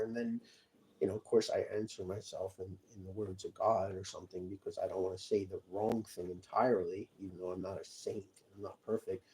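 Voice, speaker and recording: A man vlogging a rambling personal monologue, talking to the viewer with many asides and often dropping to a quiet mutter. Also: fairly low pitch, little pitch movement, a little fast, low-quality recording.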